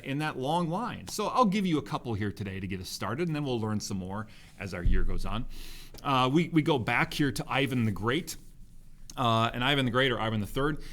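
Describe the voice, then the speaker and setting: A man giving a recorded history lesson, conversational, with many fillers and restarts. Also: mid-range voice. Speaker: history teacher. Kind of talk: recorded classroom lecture.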